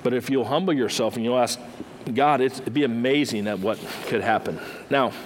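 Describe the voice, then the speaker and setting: A male preacher delivering a sermon in a relaxed storytelling manner, voicing the characters as he tells their stories. His voice sits at an ordinary middle pitch, and a faint hiss runs under the recording. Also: normal speed. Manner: conversational storytelling, acting out the characters.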